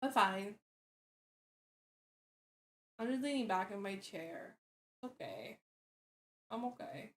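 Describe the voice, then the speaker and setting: A woman's voice: medium pitch, animated, takes it slowly, pauses often. A young woman streaming casually while tipsy, sleepy and rambling, swearing a lot. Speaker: vtuber streamer. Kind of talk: casual drinking stream chat.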